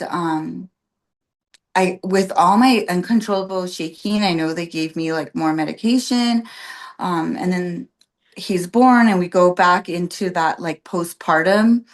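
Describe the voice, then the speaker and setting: A woman guest on a podcast telling her birth story in casual chat, with many fillers like "like" and "um", acting out what others said. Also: fairly low pitch. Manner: chatty, full of "like" and "um", acts out quoted voices.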